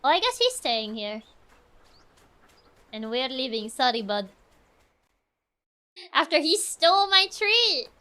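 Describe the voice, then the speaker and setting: A woman's voice: high voice, very animated, slow, long pauses, bright, forceful tone. A woman streamer giving casual let's-play commentary, chatty and thinking aloud.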